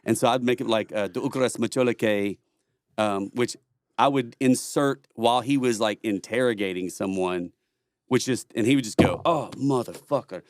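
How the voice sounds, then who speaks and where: Guy, middle-aged, low voice, profane, chuckly storyteller, dry studio sound. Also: moderate pace, dry recording. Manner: rambling, laughs a lot, profane. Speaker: podcast guest, former Marine. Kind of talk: casual storytelling chat.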